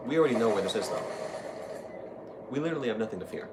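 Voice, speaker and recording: A man's voice: on the low side, animated, very fast, very noisy. A young man giving casual, chatty commentary while playing a video game, easily amused. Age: young adult. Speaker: gaming video host. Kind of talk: casual let's-play commentary.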